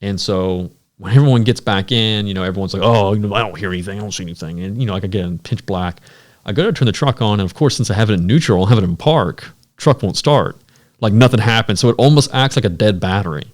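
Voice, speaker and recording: A man's voice: on the low side, fast. A man hosting a podcast, telling a story in casual chat and acting out the quotes. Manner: animated storyteller, acts out quotes loudly. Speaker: podcast host.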